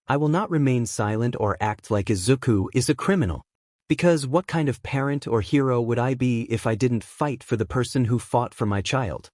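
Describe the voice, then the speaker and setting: A man voicing a tired, blunt male hero-teacher and protective father who speaks in a flat monotone. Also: medium pitch, no room sound, clean studio sound, lightly acted.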